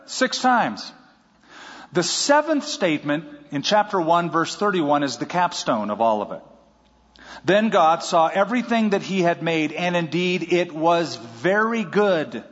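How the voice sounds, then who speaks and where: A pastor delivers his sermon in a fairly high, husky voice, and he tells it in a lively way with a good deal of humor. The recording sounds dull and muffled, and a long reverb rings around him as if he stands in a large hall. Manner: lively storytelling with jokes.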